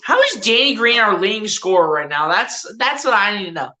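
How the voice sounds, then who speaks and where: A woman's voice: medium pitch, big pitch swings, brisk, bright, forceful tone. A woman streaming live play-by-play as a fan, calling plays and trash-talking rivals, laughing often. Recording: roomy echo.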